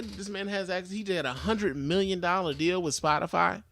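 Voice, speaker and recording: A man hosting his own podcast, giving casual, animated commentary on the news with frequent restarts and casual swearing. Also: high-pitched, moderate pace, hardly any pauses, no echo, clean studio sound. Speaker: podcast host.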